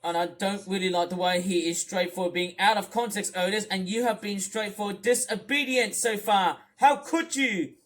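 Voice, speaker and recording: A man with a high voice on an angry commentary rant. He scolds loudly in some stretches. In others he rambles, repeating words and restarting his sentences. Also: steady tone, normal speed, few pauses. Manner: shouts scolding lines. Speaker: commentary ranter. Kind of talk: angry rant over stream footage.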